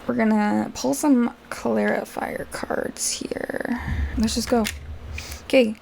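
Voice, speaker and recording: A woman's voice: a little high, steady tone, slow pace, vocal fry, darkish tone, slight background noise. A woman doing a casual tarot reading, chatting directly to her viewers with plenty of fillers. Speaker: tarot reader.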